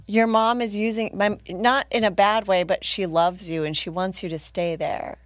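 A woman in her thirties, a comedian guest telling a story in casual chat, lively, laughing and self-mocking. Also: medium pitch, normal speed, no room sound, studio quality.

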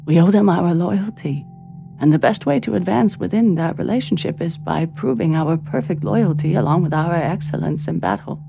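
Audiobook: narrator doing kindly old great-aunt ghost, hushed, soothing, music underneath. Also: female voice, mid-range voice, big pitch swings, normal speed, creaky, pitched above the performer's own voice. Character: gentle elderly female ancestor spirit, kind. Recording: soft music bed under reading.

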